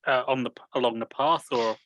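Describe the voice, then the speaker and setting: A man's voice: mid-range voice, fairly even intonation, fairly quick, fairly bright tone, highs cut off. A man playing a tabletop game, speaking in short, matter-of-fact remarks. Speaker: player. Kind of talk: casual talk in a tabletop game.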